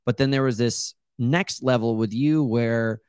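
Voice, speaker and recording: A man's voice: medium pitch, measured pace, darkish tone, clean tone, no echo, clean studio sound. A man hosting a podcast, talking candidly and searching for words in a casual interview. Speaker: podcast host.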